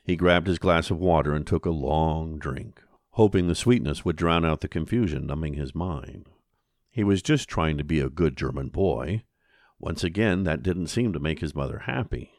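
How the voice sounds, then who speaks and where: A man reading an audiobook in a slow, measured storytelling voice. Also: a bass voice, a little mellow, dry recording, clean studio sound. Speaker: narrator. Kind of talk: audiobook narration.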